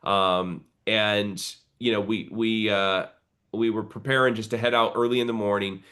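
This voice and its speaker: A man's voice: on the low side, fairly even intonation, moderate pace, bright, forceful tone. A man who is a pastor, speaking earnestly on a live video call and building to a preacher's exhortation.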